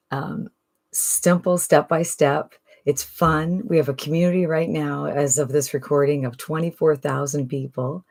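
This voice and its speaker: A woman's voice: low voice, a little mellow. A woman from Canada talking casually and persuasively about an online business, with lots of rhetorical questions. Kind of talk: casual sales pitch monologue.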